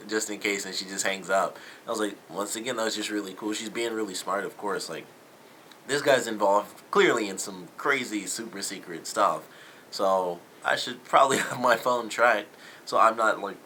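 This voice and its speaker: Young male reviewer, deep and bright, chatty and rambling, slight background noise. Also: poor audio. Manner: rambling, lots of fillers and paraphrased quotes. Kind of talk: casual TV episode review.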